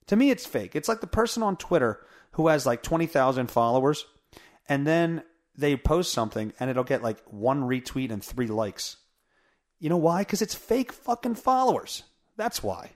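A man hosting his own podcast in a casual, blunt and profane rant, poking fun at himself, recorded at home on a mic with a pop filter. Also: fairly high pitch. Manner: blunt, profane, self-mocking. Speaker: podcast host. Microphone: studio mic with pop filter through a mixer.

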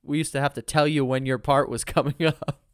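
A young man and band member telling an animated story in a casual chat, acting out quotes as he goes. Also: mid-range voice, a little fast, clear, resonant tone, no room sound, studio quality.

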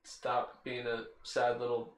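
A young man putting on a mock British accent to play a man scolding a gloomy friend, drawling and a bit quieter than his own voice. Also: medium pitch, monotone, slow, roomy sound, slight background noise, voice pushed down, lightly acted. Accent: put-on British.

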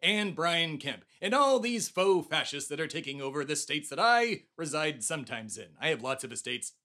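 A man's voice: fairly high pitch, very animated, moderate pace, sharp tone. A young man from Texas hosting a satirical comedy podcast, rambling and stumbling in a mock-pompous rant. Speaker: podcast host.

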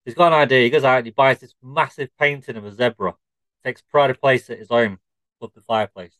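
A man co-hosting a comedy podcast, telling drawn-out joke stories in a deadpan way. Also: mid-range voice, dry recording, low-quality recording. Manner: deadpan, drawn-out shaggy-dog storytelling. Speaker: podcast co-host.

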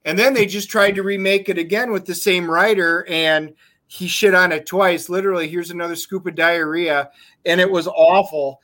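Man, talk show guest, animated storyteller, high voice, bright tone. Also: normal speed. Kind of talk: casual chat.

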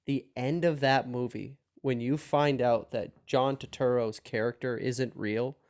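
A man co-hosting a podcast, chatting casually with an excited, profane tone. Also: medium pitch, unhurried. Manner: enthusiastic, laughing, profane. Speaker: podcast co-host. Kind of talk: casual chat.

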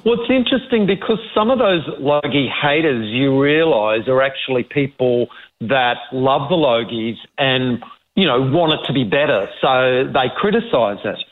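A man's voice: mid-range voice, lively intonation, moderate pace. Australian man on a tinny phone line. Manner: emphatic, mocks critics in put-on quoted voices. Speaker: co-host. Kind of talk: casual radio chat.

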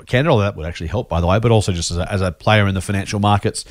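A man co-hosting an investing podcast, talking quickly in a low-pitched voice. He is chatty and self-deprecating and often doubles back on his words. The sound is dry and close to the mic. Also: dry recording. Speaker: podcast co-host. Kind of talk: casual investing podcast chat.

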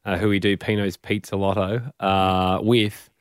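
A man's voice: deep voice, little pitch movement, smooth, dry recording, studio quality. A man co-hosting a casual comedic podcast, bantering and teasing his co-host. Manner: teasing, quick back-and-forth banter.

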